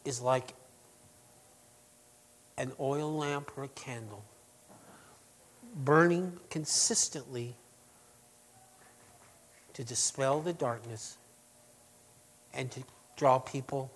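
A man preaching a sermon to his congregation, chatty and full of asides, who swings between loud emphatic passages and quiet, hushed lines. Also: mid-range voice, slow, pauses often. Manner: conversational with restarts and asides to the congregation. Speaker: pastor.

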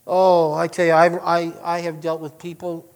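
A man preaching a sermon to his congregation, chatty and full of asides, who swings between loud emphatic passages and quiet, hushed lines. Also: a little high, monotone, normal speed, clean tone. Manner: conversational with restarts and asides to the congregation. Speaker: pastor.

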